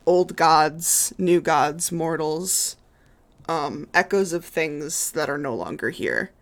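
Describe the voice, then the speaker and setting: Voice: medium pitch, gravelly. A game master narrating a tabletop game on a stream, hesitant and full of filler words as they describe the scene. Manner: hesitant, many fillers and restarts.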